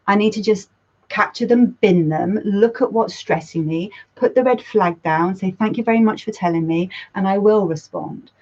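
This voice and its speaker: A woman's voice: mid-range voice, normal speed, a little mellow. A woman hosting a community chat as a counsellor, talking casually in a rambling, self-correcting way and swearing now and then. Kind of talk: casual talk. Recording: dull lo-fi sound.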